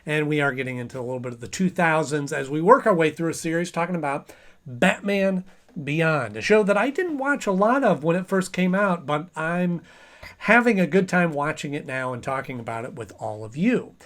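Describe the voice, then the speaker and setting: A man's voice: on the high side, lively intonation, moderate pace, fairly bright tone. A man in his thirties hosting a casual cartoon review show, chatty and playful, often slipping into funny voices.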